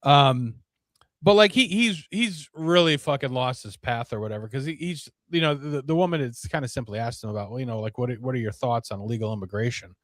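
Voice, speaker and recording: Host, man: mid-pitched, rambling and profane, dry close sound. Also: fairly quick, fairly bright tone, no echo. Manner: rambling, profane, many fillers. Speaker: podcast host. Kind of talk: casual live-stream chat.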